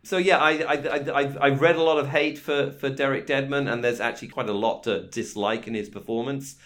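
An English man co-hosting a podcast in casual chat, lively and laughing, slipping into quick impressions. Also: medium pitch. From England. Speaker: podcast co-host.

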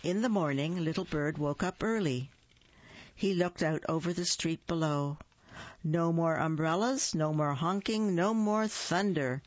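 A storyteller reading a picture book aloud, expressive and acting out the sound words. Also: medium pitch, measured pace, no echo. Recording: dull lo-fi dry recording.

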